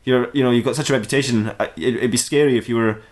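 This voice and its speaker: A man's voice: medium pitch, steady tone, rapid-fire, close to an everyday voice. A man voicing a nervous, fumbling male school librarian who stammers.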